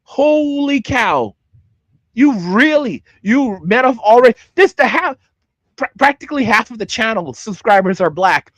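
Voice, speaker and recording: With an extremely high, fairly bright voice and lively intonation, a channel host rants at a measured pace, reacting angrily to his livestream chat and repeating himself in the heat of it. The recording is dry.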